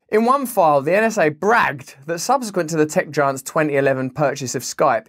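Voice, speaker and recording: A man who reads from a report and breaks off into sarcastic, theatrical asides. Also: fairly high pitch. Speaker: commentator and comedian.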